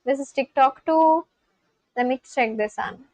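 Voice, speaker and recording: A young woman from India chatting casually on a livestream, reading out viewers' comments and reacting with gushing excitement. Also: sits high, unhurried, no echo, poor audio. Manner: gushing, reads chat aloud and reacts.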